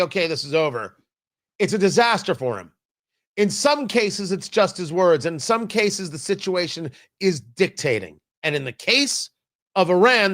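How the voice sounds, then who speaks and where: A man's voice: sits high, fairly bright tone. A man hosting a talk show, giving an opinionated and emphatic political commentary monologue with a mocking edge at times.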